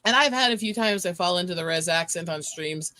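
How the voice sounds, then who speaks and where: Bright, chatty man hosting a stream. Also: sits high, animated, brisk, dry recording. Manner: chatty, laughs and swears freely. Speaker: streamer host. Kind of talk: casual chat.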